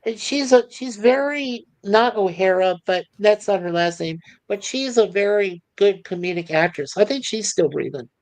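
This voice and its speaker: A man's voice: high voice, lively intonation, moderate pace, hardly any pauses, no room sound. A man hosting a live stream, chatting casually and reading viewer comments aloud in a rambling, easygoing way, laughing easily.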